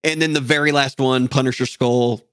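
A man's voice: medium pitch, clear, resonant tone, no room sound, clean studio sound. A young man co-hosting a podcast in casual, joking chat. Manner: animated, joking, quick to laugh. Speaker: podcast co-host.

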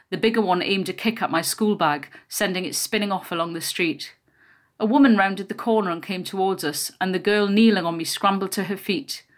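Woman reading a memoir aloud. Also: fairly low pitch. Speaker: narrator. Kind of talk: first-person memoir reading.

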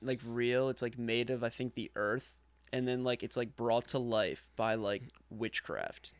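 A man's voice: medium pitch, steady tone, unhurried, smooth, no echo. A young man co-hosting a casual show, rambling through explanations with lots of fillers and restarts. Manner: rambling, filler-heavy, self-correcting. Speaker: podcast co-host. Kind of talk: casual chat, watching an episode together.

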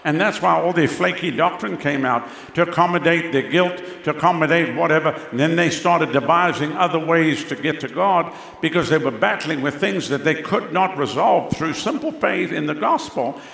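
A middle-aged male pastor preaching a sermon, swinging between loud declarations and hushed asides. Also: fairly high pitch, animated, moderate pace, vocal fry, hardly any pauses. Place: large church hall. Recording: echoey hall reverb.

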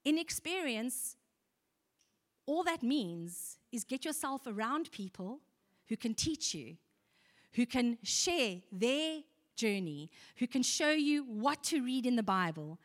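Woman preacher with a slightly high voice, earnest and chatty with the congregation, recorded in a hall with a long echo. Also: sing-song, takes it slowly. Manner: earnest, conversational, with rhetorical questions to the congregation. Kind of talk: sermon.

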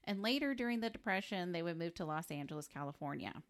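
This podcast co-host has a lowish, animated voice and speaks fast. She chats casually through a life story, laughing often and slipping jokes in between the facts.

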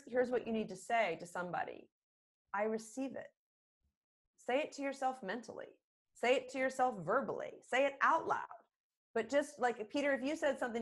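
Middle-aged woman, a little high, podcast guest and communication expert, lively, acts out quoted lines. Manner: animated, expressive, acts out quoted phrases. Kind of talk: conversational podcast interview.

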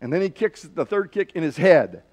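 A man's voice: a little high, sing-song, normal speed, darkish tone. A man preaching a sermon in a loose, folksy way, with many fillers and restarts. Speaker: pastor. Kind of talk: sermon with a told joke.

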